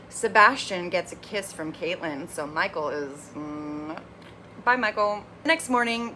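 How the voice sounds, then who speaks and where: A woman hosting a casual TV recap vlog, animated and opinionated, with lively, candid commentary. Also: medium pitch, slight background noise. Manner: animated, opinionated, acts out quotes. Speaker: recap reviewer, channel host.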